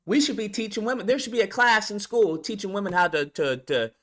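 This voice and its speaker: A man's voice: sits high, brisk, a bit bright. A man vlogger ranting bluntly and profanely in a commentary video, full of rhetorical questions.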